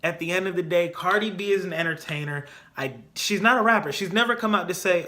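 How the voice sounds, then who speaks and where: Opinionated man with a bright voice. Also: high voice, fast talker, few pauses. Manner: opinionated, animated, repeats points for emphasis. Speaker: podcast host. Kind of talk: casual solo podcast commentary.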